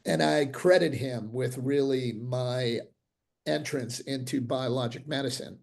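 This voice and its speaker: A man's voice: mid-range voice, a little slow, vocal fry. An older man, a dentist, telling stories animatedly in an interview over a video call, with frequent restarts. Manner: animated, acts out quoted voices, frequent restarts. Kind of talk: interview storytelling.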